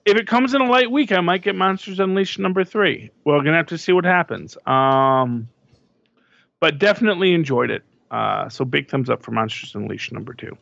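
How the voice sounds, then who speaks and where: A man's voice: on the high side, moderate pace, vocal fry, a bit bright, no room sound. A man co-hosting a podcast, chatting casually and wryly about comics. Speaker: podcast co-host. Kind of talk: casual comic review chat. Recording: dry, dull lo-fi mic.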